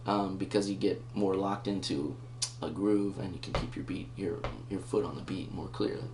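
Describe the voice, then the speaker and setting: Speaking at a moderate pace in a low, fairly even voice, this man teaches a casual guitar lesson, talking through rhythm and counting beats out loud as he thinks. His loud guitar playing fills a roomy recording that carries some background noise.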